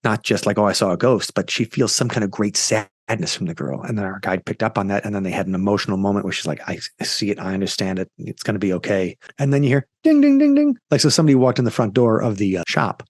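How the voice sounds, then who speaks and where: A man's voice: fairly low pitch, fast, hardly any pauses, no room sound, studio quality. A man telling a ghost story in an interview, rambling with fillers and quoting the people in it. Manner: rambling, animated retelling with quoted voices and fillers. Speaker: ghost tour company founder, guest.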